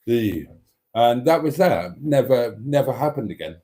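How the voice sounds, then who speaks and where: A man's voice: mid-range voice, expressive, measured pace, mellow. A man hosts a casual livestream, chatting and rambling with many ums and restarts as he reads out viewer comments. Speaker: YouTube channel host.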